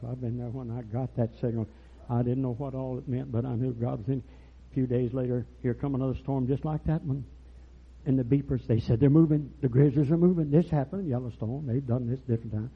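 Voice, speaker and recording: Older preacher, husky and folksy. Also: male voice, medium pitch, steady tone, brisk. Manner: folksy storytelling, rising to loud preaching bursts. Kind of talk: rural revival sermon. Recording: dull lo-fi church recording.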